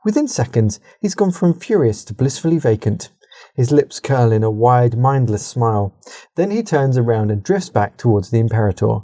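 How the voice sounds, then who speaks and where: A man co-hosting a casual podcast reads an interactive story aloud, often breaking off to laugh, swear and comment. His voice is mellow and dark, at a middling pitch. It is recorded dry and close on a podcast mic. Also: big pitch swings, moderate pace, dry recording.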